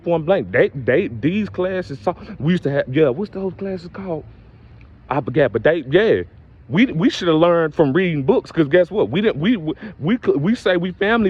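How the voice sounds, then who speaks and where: A man's voice: darkish tone, lo-fi sound. Preachy young man venting to camera. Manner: preachy, repetitive catchphrases, rising to high exclamations. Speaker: vlogger. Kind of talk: casual direct-to-camera rant.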